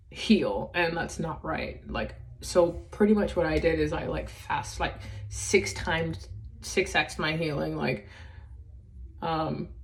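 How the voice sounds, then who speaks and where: A woman talking in a casual confessional vlog, halting, with many fillers and restarts. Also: sits low. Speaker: vlogger.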